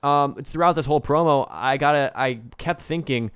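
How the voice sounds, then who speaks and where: A man's voice: fairly high pitch, fast talker, hardly any pauses, clear, resonant tone, no room sound, clean studio sound. Joking podcast co-host, a man. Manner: animated, joking, does mocking impressions. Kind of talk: casual chat.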